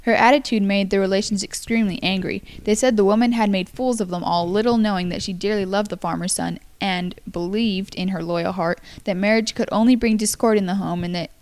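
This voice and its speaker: A woman's voice: mid-range voice, fairly even intonation, a little mellow. A young woman reads an old folktale aloud in a loose, amateur way. She trips over words often, restarts, and stops to apologize before carrying on. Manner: halting, stumbles and apologizes. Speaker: amateur story reader. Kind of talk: casual read-aloud of a folktale.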